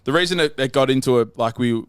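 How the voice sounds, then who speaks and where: A man's voice: mid-range voice, fast talker, clean tone, no room sound. A young Australian man hosting a casual podcast, telling loose, sweary stories. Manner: loose, sweary storytelling with laughs. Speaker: gym owner and podcast host.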